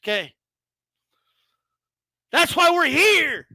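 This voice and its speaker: A man with a very high, sharp voice hosts a boxing commentary rant, mocking and profane. His pitch leaps around constantly. The sound is close and dry, with no room in it. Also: extremely slow, dry recording. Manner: animated, profane, mocking, frequent laughs and "bro". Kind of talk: casual ranting commentary.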